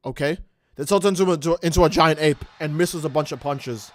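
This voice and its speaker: A man's voice: a little high, moderate pace, no echo, studio quality. A man streaming a game, ranting and swearing in casual commentary while answering chat. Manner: profane, ranting, animated.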